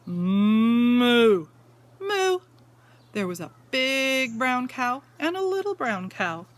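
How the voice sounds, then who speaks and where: A woman teacher with a fairly high voice reads a picture book to little children. She takes her time and lets her pitch swing up and down in a sing-song way, pausing often to ask questions. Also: fairly bright tone. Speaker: teacher reading aloud to young students.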